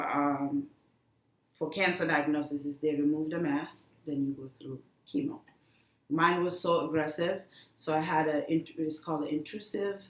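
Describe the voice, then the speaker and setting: A woman being interviewed, talking earnestly and haltingly, with many restarts. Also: low-pitched. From The Gambia. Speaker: guest, cancer survivor. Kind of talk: emotional interview talk. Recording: echoey room.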